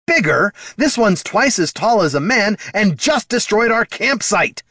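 A sharp-tongued, indignant bard, put on by a male narrator, snapping and arguing in a raised, tense voice. The pitch climbs and swings widely. It sounds dry and close. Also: lively intonation, normal speed, breathy edge, no echo.

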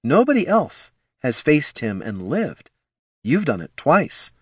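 A man's voice: a little high, wildly swooping pitch, takes it slowly, husky, no room sound, clean studio sound, voice pushed up, full character voice. A man voicing a confident female elf ranger who coaxes and persuades. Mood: coaxing. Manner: coaxing, persuasive, sure of herself.

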